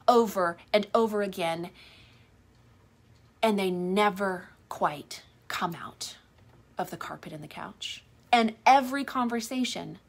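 A woman who works as a trauma recovery coach, giving earnest, pointed advice in a monologue. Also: mid-range voice.

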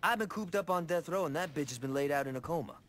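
An actor playing a restless, crude male gangster sidekick in a video game, talking in rough street slang. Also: a little high, fast talker, a bit bright, lightly acted. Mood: pushy.

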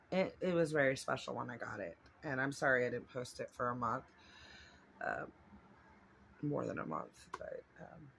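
A woman talks through an unboxing at home in a loose, rambling way, gushing and full of fillers. Her voice has a gravelly, creaky edge. There is a faint hiss of noise behind her. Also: low voice, a bit bright. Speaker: vlogger. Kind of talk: casual unboxing chat.

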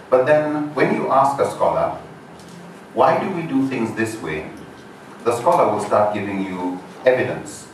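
A man's voice: fairly low pitch, a little hiss or hum. Lecturing man in an echoey hall. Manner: measured, explanatory, rhetorical questions. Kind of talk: introductory lecture. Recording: echoey hall, mic far off.

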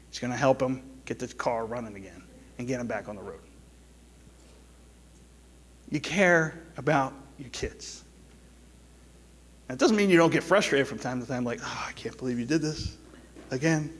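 Middle-aged pastor preaching a sermon. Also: male voice, medium pitch, lively intonation, slightly rough. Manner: storytelling with quick asides, then soft pleading exhortation. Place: church sanctuary.

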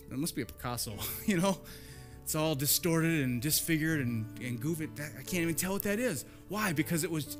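A man preaching a sermon as pastor in a church, conversational and storytelling, repeating lines for emphasis. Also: a little high.

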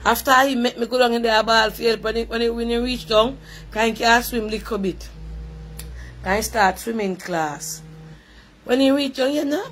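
A woman with a Jamaican accent telling a lively story in patois on her live stream. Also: on the high side, moderate pace, slight background noise. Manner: animated, repetitive patois storytelling.

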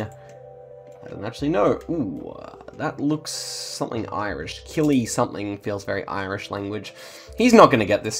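A man's voice: on the low side, vocal fry. A man hosting a gaming channel, giving chatty think-aloud commentary on his gameplay and talking straight to his viewers.

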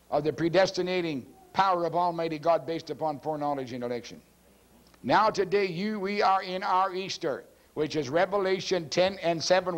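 A male pastor preaching a teaching sermon from a church pulpit, forceful and emphatic, swinging his pitch widely and often clearing his throat.

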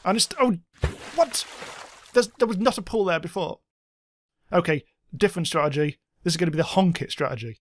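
A man giving casual let's-play commentary, excitable, swearing a lot and making silly sound effects. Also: high voice, fairly quick, long pauses, slight background noise. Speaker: gameplay commentator.

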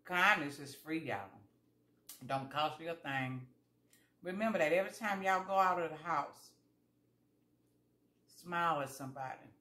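A woman's voice: low-pitched, measured pace, pauses often, bright, forceful tone, reverberant. A woman chatting casually to viewers while eating, telling folksy stories and acting out both sides of conversations. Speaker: vlogger. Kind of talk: casual eating vlog chat.

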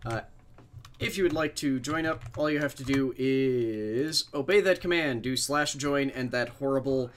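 A man's voice: mid-range voice, measured pace. Rambling, swearing game streamer guy. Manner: rambling, self-deprecating, swears freely. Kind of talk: casual chat while livestreaming a game.

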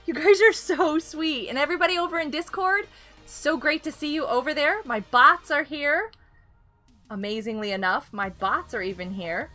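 A woman's voice: sits high, moderate pace, pushed and bright, faint music behind. A young woman live-streaming a game, chatting casually and giggling often as she greets viewers.

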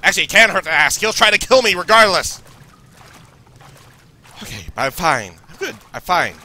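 A man's voice: high-pitched, very animated, normal speed, sharp tone, slight background noise. A young man from Canada commentating a horror game, nervously talking to himself, his voice a little worn. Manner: nervous, jittery, talks to himself. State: losing his voice. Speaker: let's play gamer.

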